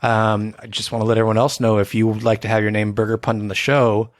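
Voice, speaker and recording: A man co-hosting a casual podcast, joking around and slowing down for announcements. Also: lowish voice, completely flat delivery. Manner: playful, jokey, slows down for announcements. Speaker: podcast co-host. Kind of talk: casual chat.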